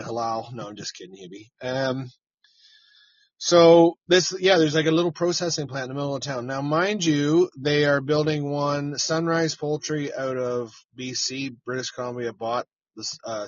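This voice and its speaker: A man's voice: medium pitch, dry recording, dull audio. A middle-aged man, a chicken farmer hosting a casual live stream from his parked truck, rambling, cursing freely and chatting to viewers by name.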